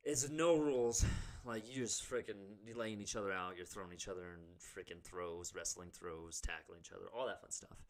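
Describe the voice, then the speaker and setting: A man's voice: sits low, fairly quick, few pauses. A young man co-hosting a podcast, telling a crude, jokey story in casual chat. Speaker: podcast co-host.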